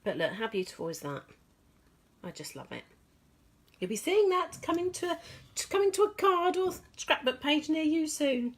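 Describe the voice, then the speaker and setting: A woman demonstrating craft products in a casual vlog, bubbly and gushing, often laughing at her own excitement. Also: sits high, normal speed. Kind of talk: casual show-and-tell vlog.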